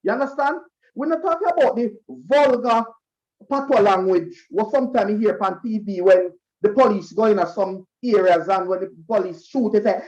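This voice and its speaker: A man with a Jamaican accent, emceeing a school concert and speaking to students as a lively storyteller who acts out the voices he quotes. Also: high voice, a little fast, muffled recording.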